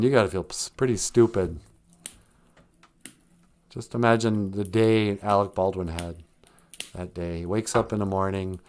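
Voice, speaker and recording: A man's voice: on the low side, clear, resonant tone. A man hosting a comedic livestream podcast, joking and laughing often. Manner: joking, laughs often, slips into silly voices. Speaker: podcast host.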